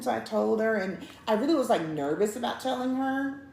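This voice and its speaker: A woman, co-hosting a couples show and telling a story to viewers in a casual, animated way, acting out each line of dialogue. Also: fairly high pitch, a little fast, vocal fry, hardly any pauses. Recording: roomy, with faint background noise.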